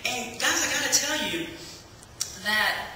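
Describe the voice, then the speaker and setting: Man, high voice, very bright tone, chatty church testimony, heard from far off in a big reverberant hall. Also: expressive, unhurried, slight background noise. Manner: storytelling, chatty, with many fillers. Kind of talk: personal testimony to a congregation.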